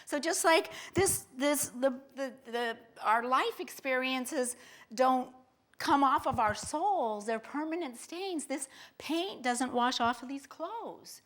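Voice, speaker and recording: A woman telling a stand-up story with a high, bright voice. She talks slowly and wryly and mocks herself with animation. Her tone is crisp and clear. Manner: wry, animated, self-mocking. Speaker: stand-up comedian.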